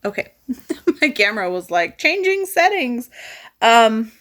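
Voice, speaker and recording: A fairly high-voiced woman chats to her camera in a casual reading vlog. She rambles and gets excitable, restarting her sentences as she goes. A light Southern lilt creeps in now and then. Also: measured pace. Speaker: reading vlogger.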